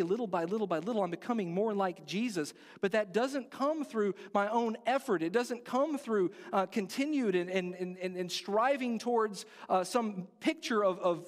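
A man's voice: high-pitched, long reverb tail. A man preaching a sermon as pastor, earnest and conversational, asking the congregation direct questions. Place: church sanctuary.

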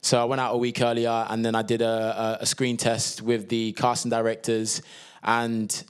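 A young man with a London accent talks casually as an interview guest. His voice sits in an ordinary middle pitch, and he tells his stories loosely, with slang and plenty of fillers. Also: moderate pace, clean tone. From England. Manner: relaxed storytelling, lots of slang and fillers. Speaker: actor guest.

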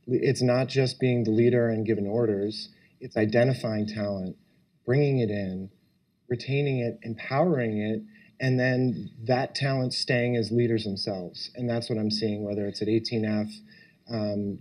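A man's voice: lowish voice, a little mellow, poor audio. A man speaking on a policy panel, earnest, building his points in lists. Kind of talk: panel discussion.

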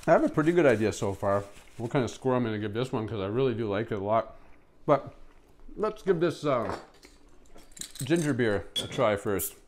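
A man's voice: moderate pace, long pauses, background noise. A man reviewing food on camera in a casual, enthusiastic way, humming with pleasure while he eats. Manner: enthusiastic, lots of mmm sounds while eating; chatty with his pet in a high, excited voice.

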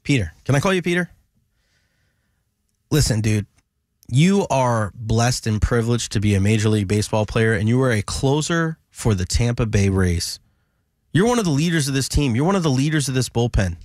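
A man's voice: mid-range voice, animated, normal speed, darkish tone, no room sound, clean studio sound. A male sports radio host ranting in a heated, scolding way, hammering his points again and again. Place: radio studio.

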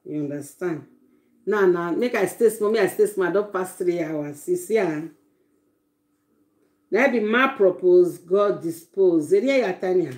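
A woman's voice: on the low side, expressive, measured pace, darkish tone. Effusive Nigerian woman live-streaming. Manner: effusive, exclaiming to viewers in Pidgin English. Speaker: live streamer greeting viewers. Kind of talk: casual live-stream chat. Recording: roomy echo.

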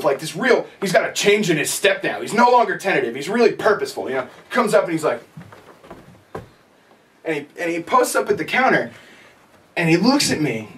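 A young male comedian tells a story on stage at a bar, high-voiced and swinging his pitch all over. He sounds far from the mic, with loud bar noise behind him. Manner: animated, swears casually, acts out scenes. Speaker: stand-up comedian. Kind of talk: stand-up storytelling.

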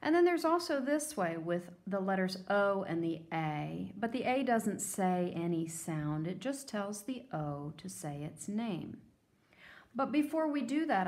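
A woman teacher giving a phonics lesson to young children, sounding out words letter by letter. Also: medium pitch.

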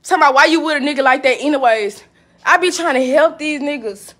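A woman's voice: high-pitched, fast talker, a bit bright. A woman on a live stream ranting heatedly and profanely, repeating herself and laughing between jabs. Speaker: livestreamer. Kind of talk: casual live-stream rant. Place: indoors at home. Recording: echoey room.

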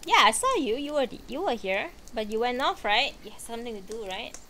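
A woman streaming a book reading, chatting in a relaxed, rambling way between chapters. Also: fairly high pitch, a little fast, slight background noise. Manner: relaxed, chatty and rambling, with frequent fillers and asides. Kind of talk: book reading and casual chat.

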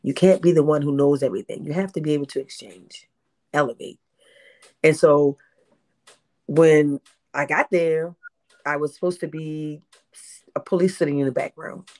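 Woman, 50s; lively interview storyteller who repeats phrases and acts out dialogue. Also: deep voice, normal speed, pauses often. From Baltimore, USA. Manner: animated, repeats herself, acts out quotes. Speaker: interview guest, independent filmmaker.

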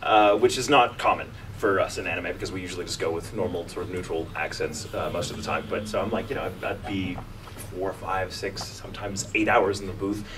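A man, a voice actor, tells a story at a convention panel in an animated, restarting way. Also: low voice, fairly quick. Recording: distant mic in noisy crowded hall.

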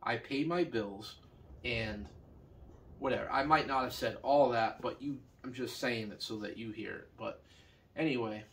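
A man's voice: medium pitch, moderate pace, fairly bright tone, far from the mic. A man from Canada who sells junk vehicles and scrap, telling a long story in a meandering, casual way full of "you know" and restarts. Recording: voice a bit off-mic.

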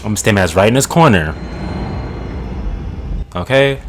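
A man's voice: lowish voice, expressive, moderate pace, noisy background. A young man doing let's play commentary, swearing a lot and talking at the screen. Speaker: gaming channel host. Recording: game music behind the voice. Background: game music.

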